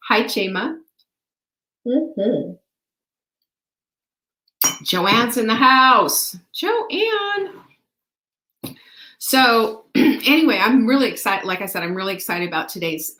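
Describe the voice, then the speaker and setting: A woman's voice: medium pitch, fairly bright tone. Bubbly woman host, roomy sound. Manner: bubbly, greets viewers by name. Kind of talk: live-stream chat greeting viewers. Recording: roomy echo.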